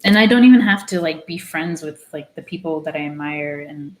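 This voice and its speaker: A woman's voice: low voice, expressive, fairly quick, rough recording. A young woman artist chatting while she paints, ranting bluntly with lots of swearing and the odd Spanish phrase. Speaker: artist vlogger. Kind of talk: casual chat while painting.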